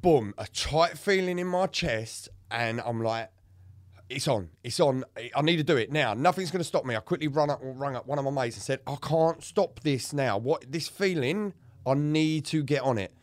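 This casual podcast's co-host talks openly about his own experience, cursing freely as he tells it in a lively way. He speaks at a normal speed in a mid-range voice, recorded at studio quality with no room sound.

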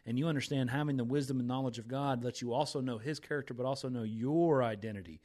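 A medium-pitched, slightly mellow man hosts a faith podcast at a quick pace. He talks with fired-up, preachy energy and recites scripture with emphasis.

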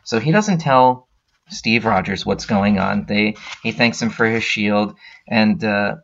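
A man's voice: fairly low pitch, a little slow, creaky, fairly bright tone, lo-fi sound, a little hiss or hum. A man hosting a podcast, casually retelling a story in a rambling way with many filler sounds. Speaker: podcast host.

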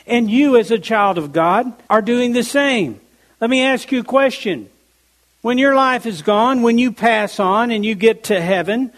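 A man preaching a sermon, stressing key words by slowing down and reading scripture aloud in a measured way. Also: very high-pitched. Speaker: pastor.

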